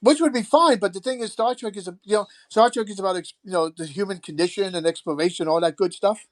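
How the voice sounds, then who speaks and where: A man's voice: high voice, fast. Older man, rambling and hesitant. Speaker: podcast guest. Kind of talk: casual chat.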